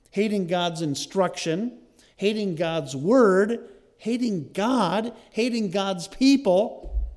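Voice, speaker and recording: A male preacher with a somewhat high voice delivers a sermon in a conversational but emphatic way. He stacks up repeated phrases to drive each point home, with casual asides. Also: warm tone.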